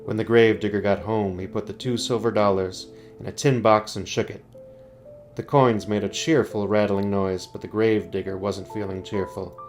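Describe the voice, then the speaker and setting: A man reading a scary story aloud, slow and building suspense. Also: on the low side, steady tone, a little mellow, soft background music.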